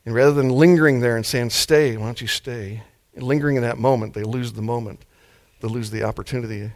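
A mild-mannered man delivering a sermon at an easy, laid-back pace. His pitch sits in an ordinary middle range for a man, neither deep nor high. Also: fairly even intonation, fast talker, a little mellow. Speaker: preacher.

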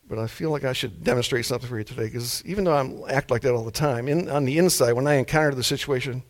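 A man's voice: mid-range voice, fast talker. Laid-back, mild-mannered male preacher. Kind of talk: sermon.

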